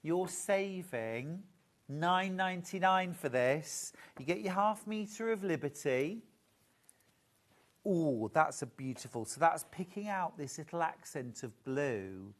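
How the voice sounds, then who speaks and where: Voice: mid-range voice, animated, takes it slowly. A presenter showing off fabric bundles live, gushing and admiring in a chatty way. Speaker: shopping channel presenter.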